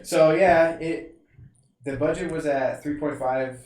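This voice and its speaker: A man's voice: a little high, steady tone, slow, darkish tone. Rambling man in an echoey room. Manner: rambling, lots of fillers and restarts. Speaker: podcast co-host. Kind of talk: casual movie review chat. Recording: echoey room, distant mic.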